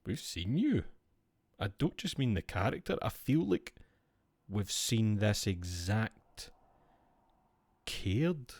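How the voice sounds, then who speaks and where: A man's voice: on the low side, very animated, takes it slowly, pauses often, darkish tone, dry recording. A man with a Scottish accent, a streamer chatting casually and musing aloud to himself while opening card packs, swearing freely.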